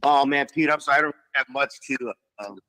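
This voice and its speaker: A man's voice: medium pitch, fairly even intonation, brisk, bright, forceful tone, no room sound, low-quality recording. A man calling in to a sports talk show, enthusiastic and full of praise for the host. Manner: enthusiastic, admiring, laughing. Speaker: caller. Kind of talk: call-in chat with a host.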